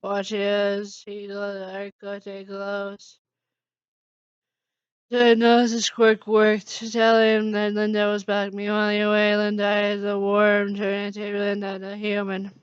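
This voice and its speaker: A casual storyteller reading a fan-written story aloud in a halting way with small slips, in a dull lo-fi recording. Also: medium pitch, monotone, clear, resonant tone, no echo. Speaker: fan-fiction reader.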